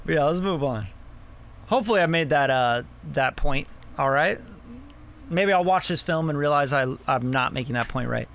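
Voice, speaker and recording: Bright, high-voiced bro producer. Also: male voice, lively intonation, measured pace, creaky. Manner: loose and profane, lots of "like" and "bro". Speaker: music producer reviewing songs. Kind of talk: casual live-stream review.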